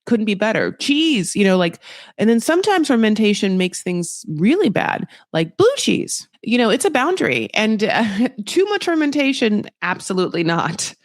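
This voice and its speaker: A woman's voice: mid-range voice, very animated, normal speed, no echo, clean studio sound. Rambling, gossipy woman recapping reality TV. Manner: rambling, gossipy, heavy on fillers. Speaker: podcast host. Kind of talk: casual reality TV recap commentary.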